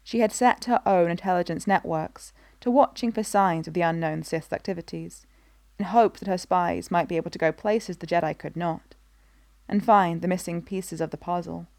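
A woman narrates a story in an even, measured way. Her voice sits somewhat low, and the recording is close and dry with no room sound. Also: dry recording. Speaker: reader. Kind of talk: scripted narration of a fan story.

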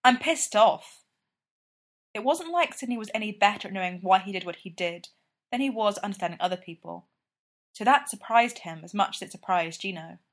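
A woman reading a piece of fan fiction aloud in a steady, even storytelling manner. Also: mid-range voice, fairly quick. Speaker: reader.

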